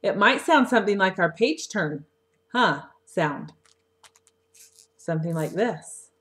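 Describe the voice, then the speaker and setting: A woman teacher talking a young class through a story lesson, asking gentle questions, recorded on a webcam microphone. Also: mid-range voice, expressive. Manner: slow, coaxing questions to children. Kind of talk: read-aloud lesson for young children.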